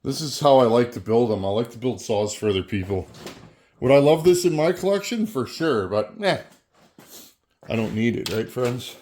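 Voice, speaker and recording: Here the Canadian chainsaw-channel host sounds a little mellow, with medium pitch, lively intonation and a moderate pace. Working on a saw, he keeps up casual, folksy talk to camera, often repeating words, over slight background noise.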